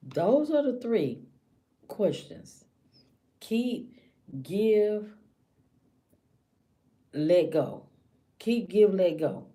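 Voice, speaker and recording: Woman w/ aave ranting to camera, low warm voice, keeps going whispery. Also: animated, takes it slowly, long pauses. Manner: impassioned, slips into hushed whispers acting out a scared woman's thoughts. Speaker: vlogger. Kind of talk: casual monologue to camera.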